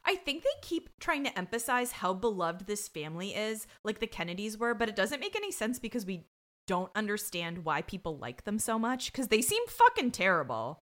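A woman's voice: medium pitch, very animated, brisk, a bit bright. A woman co-hosting a podcast, recapping an episode in casual, wry chat and swearing freely. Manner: wry, quotes characters in mock voices, swears casually. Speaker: podcast co-host.

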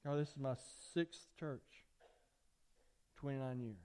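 A man's voice: medium pitch, a little slow, smooth. A middle-aged man, preaching a sermon and telling folksy stories with lots of repetition. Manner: folksy, animated storytelling with repeated phrases. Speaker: pastor.

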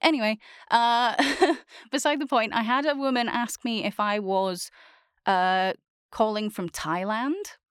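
A woman's voice: a little high, measured pace, smooth, dry recording, studio quality. A woman with a Scottish accent chatting casually, teasing and laughing often. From Scotland. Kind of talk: casual chat.

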